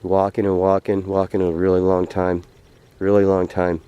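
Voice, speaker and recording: Deep-voiced folksy man telling a tale. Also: monotone, warm tone, clear, resonant tone, highs cut off. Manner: unhurried, folksy, repeats phrases. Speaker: vlogger telling a story. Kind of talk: folksy spoken storytelling. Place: outdoors by a frozen lake.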